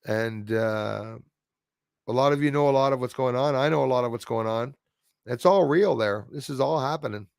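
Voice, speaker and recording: A man's voice: medium pitch, moderate pace, vocal fry, a little mellow, smooth, no room sound, studio quality. A man hosting a casual livestream chat, rambling and reading out viewer comments. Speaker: livestream host.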